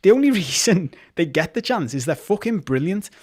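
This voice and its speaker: A man's voice: high voice, very animated, normal speed, darkish tone. A man co-hosting a football podcast in casual chat, talking with heated passion, swearing freely and restarting his sentences. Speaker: podcast co-host.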